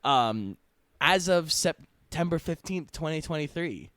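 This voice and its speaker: A young man co-hosting a casual podcast, lively and halting, with many restarts. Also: a little high, no room sound, clean studio sound. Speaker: podcast co-host. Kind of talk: casual chat.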